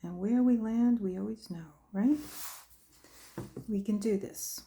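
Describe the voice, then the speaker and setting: In a mid-range, dark-toned voice, this art tutorial host chats slowly and casually through a painting lesson, muttering to herself while she works. A little hiss or hum is audible.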